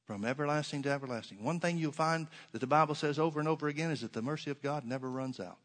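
Male preacher, slightly high voice, sermon delivery, emphatic scripture reading with quiet asides. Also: steady tone, fast. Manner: reads scripture aloud, rising to emphatic stresses, drops to soft asides.

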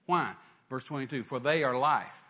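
Folksy older preacher with a husky voice. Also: male voice, mid-range voice, normal speed. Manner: folksy, swings from hushed to shouting. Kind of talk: sermon storytelling.

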